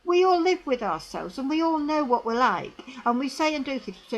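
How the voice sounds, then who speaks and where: Brief: an emphatic woman delivering a religious commentary straight to camera, high and lively pitch. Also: fairly quick, rough recording. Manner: emphatic, repetitive, tag questions to the viewer.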